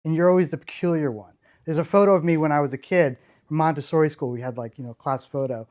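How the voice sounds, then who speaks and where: A man's voice: fairly high pitch, fast talker, darkish tone. A middle-aged man giving a storytelling keynote talk, enthusiastic and rambling, often restarting his sentences. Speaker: conference speaker.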